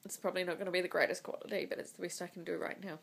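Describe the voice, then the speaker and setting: A woman in her thirties recording a personal video diary on her phone. She is crying, and she talks in a halting, emotional way, with sighs between her words. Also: fairly low pitch, level tone, vocal fry. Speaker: vlogger. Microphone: phone mic.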